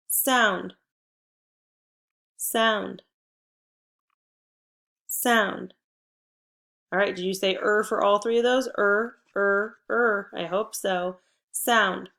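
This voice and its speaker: Gravelly-voiced woman teaching phonics. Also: medium pitch, a bit bright. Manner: encouraging, patient, clear prompting. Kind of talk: phonics lesson for young children.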